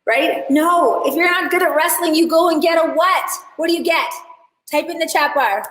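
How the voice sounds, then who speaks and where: Chatty high-voiced woman teaching. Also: moderate pace, reverberant, low-quality recording. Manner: chatty, animated storyteller addressing chat. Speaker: hair educator. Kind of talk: live online class.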